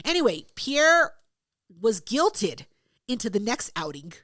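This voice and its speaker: This is a woman co-hosting a podcast in loose, casual chat. Her voice sits high and swings widely as she tells blunt, profane stories. The mic is close and dry, with no room sound. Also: very animated, measured pace, a bit bright, no room sound. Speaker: podcast co-host.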